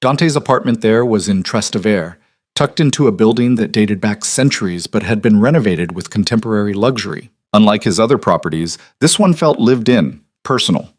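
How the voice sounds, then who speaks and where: A man narrating a romance audiobook in a calm, measured way. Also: on the low side, no room sound, studio quality.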